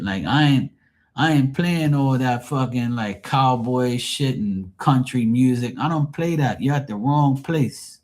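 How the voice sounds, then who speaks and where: A man telling cruise stories on a livestream, casual, profane and animated. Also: medium pitch. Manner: profane, animated, mimics people. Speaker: tarot reader and streamer.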